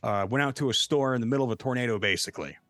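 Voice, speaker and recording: Man, voice actor guest, cursing loosely, rambling anecdotes, mid-pitched voice, dry close sound. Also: racing, no echo. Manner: profane, rambling, animated storyteller. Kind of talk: casual podcast storytelling.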